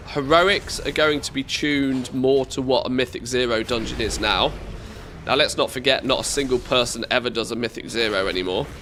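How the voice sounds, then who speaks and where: Male game streamer with a cold, nasal and stuffed up, gravelly and bright; rambling, joking casual commentary. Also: mid-range voice, a little hiss or hum. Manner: rambling, with stumbling restarts and dry joking. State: congested from a cold. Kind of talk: casual live-stream commentary while playing.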